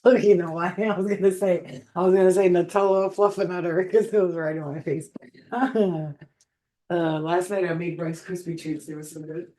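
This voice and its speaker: A woman's voice: fairly low pitch, steady tone, normal speed, mellow. A woman hosting a casual livestream as a spiritual healer, rambling, swearing freely and laughing often.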